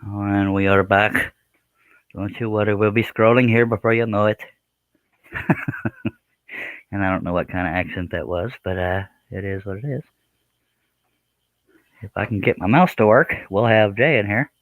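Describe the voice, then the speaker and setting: A man's voice: fairly low pitch, normal speed, no room sound, low-quality recording. A man hosting a live stream, chatting casually in a joking, rambling, self-deprecating way. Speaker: live stream host, scroll saw artist.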